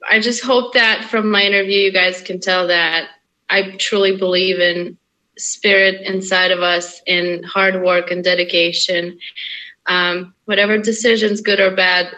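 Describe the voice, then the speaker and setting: A woman's voice: lowish voice, bright, forceful tone, low-quality recording. A woman from Russia, a guest in a casual interview, candid and earnest, who laughs often.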